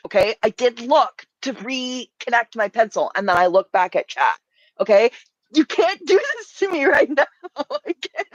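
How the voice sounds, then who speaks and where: A woman's voice: on the high side, no echo, muffled recording. A woman streaming casual chat while drawing, flustered and rambling, laughing easily.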